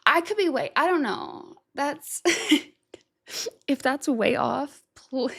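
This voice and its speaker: A woman's voice: high-pitched, lively intonation, gravelly, a bit bright. A woman hosting a music reaction video, thinking aloud, unsure of herself, and trailing off into self-doubt. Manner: reads lyrics aloud slowly. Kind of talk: casual reaction commentary.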